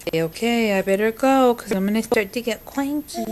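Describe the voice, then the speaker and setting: A woman's voice: on the high side, normal speed, darkish tone, poor audio. A young mother filming her baby at home, coaxing him in sing-song baby talk. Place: home, indoors. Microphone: handheld camera.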